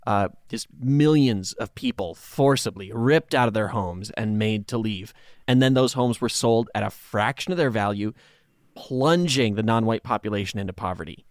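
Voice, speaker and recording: A man's voice: fairly low pitch, moderate pace, no echo, studio quality. A man co-hosting a podcast, telling history casually with profane, sarcastic asides. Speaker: podcast co-host.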